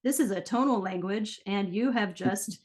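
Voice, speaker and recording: A woman's voice: mid-range voice, normal speed, a little mellow. A woman, a pronunciation coach, guesting on a podcast interview and explaining her work conversationally. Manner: explanatory, often checks in with "right?".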